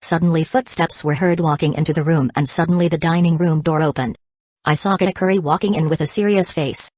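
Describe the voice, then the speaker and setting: A woman giving steady, scripted narration of an audiobook. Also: sits low, fairly quick, no echo.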